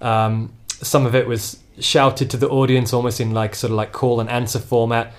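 A man's voice: medium pitch, little pitch movement, moderate pace. Chatty male podcast host. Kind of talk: casual podcast chat.

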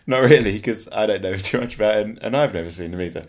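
Male co-host with a deep voice, loose and rambling in casual chat. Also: quick pace. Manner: rambling, hedging with "sort of" and "you know". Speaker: podcast co-host. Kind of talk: casual chat about live music.

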